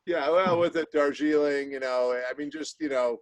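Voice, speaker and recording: A man playing a tabletop role-playing game, speaking in a wry, low-key way. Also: normal speed, no room sound. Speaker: player. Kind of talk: casual tabletop play.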